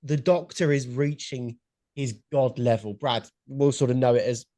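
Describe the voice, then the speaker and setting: A young man co-hosting a podcast in casual chat, excitable and blunt, swearing freely. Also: mid-range voice, normal speed, no echo. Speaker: podcast co-host. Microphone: headphones and mic at home.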